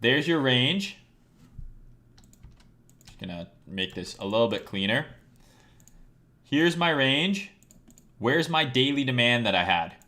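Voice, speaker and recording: A man's voice: mid-range voice, sing-song, slow pace, pauses often, pushed and bright. A man on a live stream teaching chart trading. He talks casually, swears often and keeps quizzing the viewers. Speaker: trading educator.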